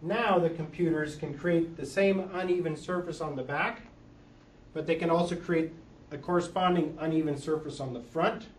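A man explains eye care patiently to a small group, reaching for plain everyday comparisons. His voice sits a little high for a man and comes from some way off the mic. The room is echoey, with faint background noise. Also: moderate pace, far from the mic. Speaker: eye doctor. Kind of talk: explaining to an audience.

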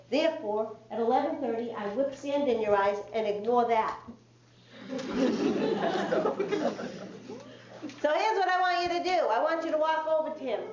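A woman with a high voice tells a story to a live audience, acting out each line of dialogue with lively energy. The sound is roomy and a little dull, as if picked up in a hall with faint background noise. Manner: animated, acts out dialogue. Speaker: speaker on child behavior.

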